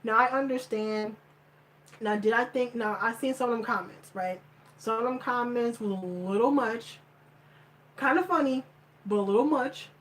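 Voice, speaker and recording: A woman's voice: on the high side, normal speed, fairly bright tone, slight background noise, rough recording. Profane, heated woman vlogger. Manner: blunt, profane, emphatic and repetitive. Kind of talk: heated commentary rant.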